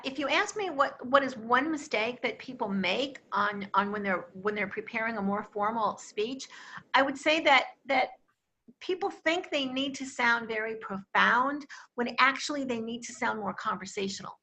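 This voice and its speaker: A woman with a high, bright voice, speaking as a communication coach in an interview. She leans hard on her key words and backs each point with quick examples. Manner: emphatic, quotes vivid examples. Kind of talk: interview conversation. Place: Akron, Ohio.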